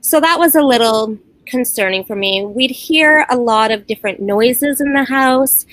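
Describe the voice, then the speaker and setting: A woman's voice: on the high side, moderate pace, a bit bright, dry recording, poor audio. A middle-aged woman recounting strange happenings in her home for a documentary interview, earnest and storytelling, often quoting her children. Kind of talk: personal account, documentary interview.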